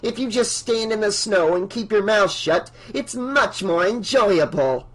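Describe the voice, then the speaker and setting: A man voicing a spiteful, shrill old woman landlord who shrieks and scorns in a storybook reading. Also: expressive, measured pace, poor audio. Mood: smug.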